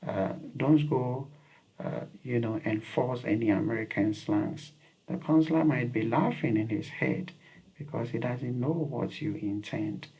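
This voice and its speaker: A man's voice: mid-range voice, unhurried, vocal fry, dark tone, breathy edge, rough recording. A man giving earnest, repetitive advice on visa interviews, with frequent fillers. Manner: earnest, repeats key points, frequent fillers. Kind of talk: instructional talk to camera.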